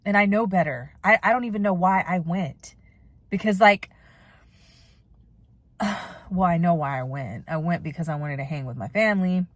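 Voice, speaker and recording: A woman's voice: lowish voice, normal speed, pauses often, no room sound. Candid swearing young woman, dry close mic. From United States. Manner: candid, swears freely, rambling. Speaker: vlogger. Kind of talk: casual storytelling vlog.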